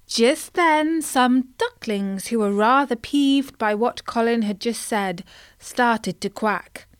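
A woman telling a children's story in a playful, expressive way. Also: on the high side, takes it slowly, smooth, dry recording.

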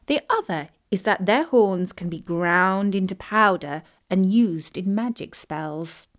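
A woman voicing a calm, wise older great-aunt in a storybook, speaking gently and knowingly. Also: mid-range voice, measured pace, close to an everyday voice. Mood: calm explaining.

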